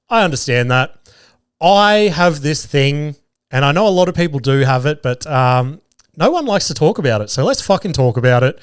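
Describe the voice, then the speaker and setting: Brief: man, mid-pitched, solo podcast host, loose and sweary, dry close sound. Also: no room sound. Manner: casual, sweary, self-deprecating, laughs at himself. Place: at home.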